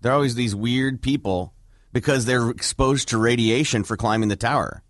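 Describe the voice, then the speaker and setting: A man co-hosting a radio show, riffing on jokes in casual banter and slipping into quick impressions. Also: mid-range voice, no room sound, clean studio sound.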